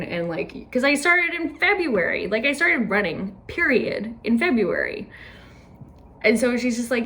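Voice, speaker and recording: A woman's voice: mid-range voice, animated, unhurried, fairly bright tone. Chatty young woman, filler-heavy storytelling. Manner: chatty, lots of "like" fillers, laughs often. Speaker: podcast host. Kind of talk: casual personal recap.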